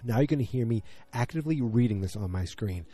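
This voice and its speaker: Male podcast host, mellow tone, rambles, self-deprecating asides. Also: mid-range voice, expressive, quick pace, faint music behind. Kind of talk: casual chat, reading a listener message aloud.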